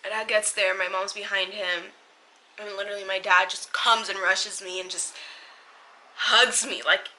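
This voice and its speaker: A young woman telling a personal story on her vlog in a casual, halting way, turning tearful. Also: mid-range voice, little pitch movement, sharp tone, slight background noise, low-quality recording. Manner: emotional, tearful retelling, halting. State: crying at times. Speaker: vlogger.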